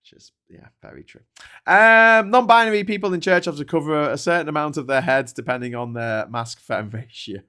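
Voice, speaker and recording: A man's voice: on the high side, brisk, pushed and bright, clean tone. A man hosting a livestream, chatting casually about politics and reading viewer comments, swearing often and restarting his sentences. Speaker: livestream host reading chat. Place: at home with a dog.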